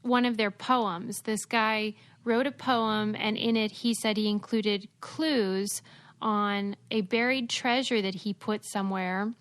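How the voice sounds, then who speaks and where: A woman hosting a podcast, chatting casually and reading an ad in an even, conversational way. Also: mid-range voice, slow pace, smooth. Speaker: podcast host. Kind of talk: casual chat with host-read ad.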